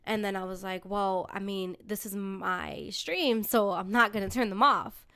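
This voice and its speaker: This podcast co-host and streamer has a clean, medium-pitched voice and speaks a little slowly. In casual chat she tells a story with animated energy, swearing freely and voicing the people involved.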